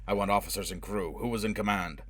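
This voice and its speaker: A man voicing a brutal, obsessed avenger in an audiobook, with a low, harsh, driving delivery. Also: fast talker, fairly bright tone, dry recording, studio quality. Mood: demanding. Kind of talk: audiobook character voice.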